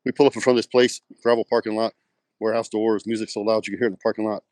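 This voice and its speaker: A man's voice: fairly low pitch, flat delivery, rapid-fire, a little mellow, no room sound. A middle-aged man from West Texas with a Texan accent, telling rambling stories with lots of fillers in a casual interview. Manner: rambling anecdotes with many fillers, acts out quoted dialogue. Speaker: guest, pro bodybuilder.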